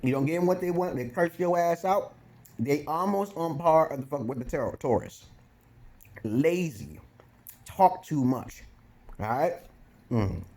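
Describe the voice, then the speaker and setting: A man's voice: fairly high pitch, animated, moderate pace, darkish tone. Blunt profane man from Brooklyn. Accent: New York. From Brooklyn, New York. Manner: blunt, profane, rambling asides; chewing gum while talking. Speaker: vlogger giving dating talk. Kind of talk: casual profane monologue to camera.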